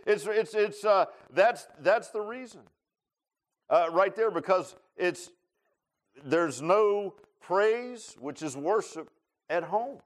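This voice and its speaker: Folksy, animated preacher man. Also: a little high. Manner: folksy, animated, laughing, talks to congregation by name. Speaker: pastor. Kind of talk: sermon. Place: church sanctuary.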